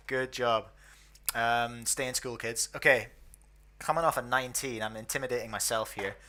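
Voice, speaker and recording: A man's voice: mid-range voice, fairly even intonation, measured pace, long pauses, bright, forceful tone, slight background noise. A young Scottish man from the northeast, chatty and self-deprecating, hosting and commentating on a casual online match. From northeast Scotland. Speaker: host.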